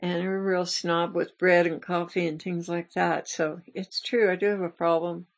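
A woman's voice: fairly low pitch, flat delivery, moderate pace. A woman hosting a ministry channel, telling a story in an earnest, confessional way as part of a devotional message. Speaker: ministry host.

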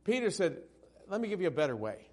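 A male pastor preaching a sermon, swinging from loud, emphatic peaks down to hushed, tender passages. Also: high voice, very animated, quick pace.

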